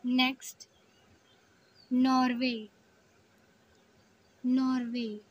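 A woman teaching a lesson, saying each word slowly and spelling it out letter by letter. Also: high voice, level tone, muffled recording. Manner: slow and deliberate, spells words letter by letter.

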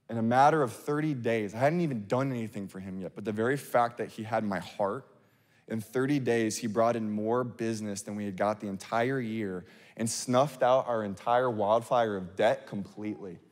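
A man's voice: on the low side, moderate pace. A male pastor delivering a sermon in a candid, conversational storytelling manner, with casual fillers and personal stories. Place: large church sanctuary. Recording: long reverb of a large hall.

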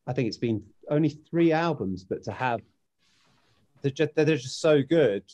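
A man hosts a relaxed interview, picking his words with hesitation. His voice is warm and dark in tone. Sentences often trail off quietly. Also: mid-range voice. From United Kingdom. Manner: hesitant, thoughtful, trails off softly. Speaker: podcast host. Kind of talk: casual interview chat.

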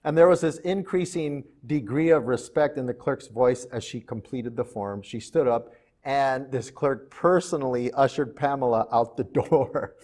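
A male pastor preaching in a church, his voice sitting at an ordinary middle pitch. He tells stories in an unhurried, conversational way, speaking to his congregation. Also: a little mellow. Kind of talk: sermon.

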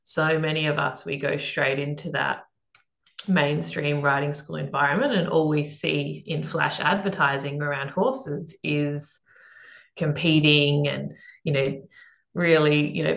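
A woman's voice: low-pitched, creaky. A woman hosting a podcast in casual interview chat, bubbly and chatty, laughing often and rambling with fillers. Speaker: podcast host. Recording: echoey room, dull lo-fi sound.

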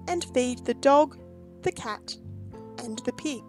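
A woman hosting storytime, reading a picture book aloud with expressive storytelling and a crooning voice for character lines. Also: high voice, slow, soft background music. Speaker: storytime host.

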